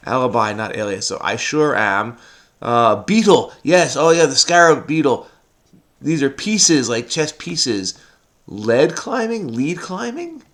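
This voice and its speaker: A man hosting a crossword-solving video thinks aloud as he works, casual and frenetic. He mutters to himself and often breaks into bits of song, his mid-range voice a bit bright.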